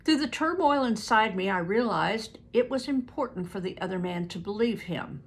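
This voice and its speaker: An older woman reading a book aloud to family, pausing to explain words and stumbling over hard names. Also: mid-range voice, expressive, breathy edge. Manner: stops to explain words and events.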